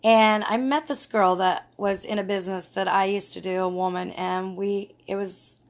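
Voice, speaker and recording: A woman's voice: mid-range voice, steady tone, moderate pace. A middle-aged woman vlogging casually, telling a personal story in an earnest, rambling way.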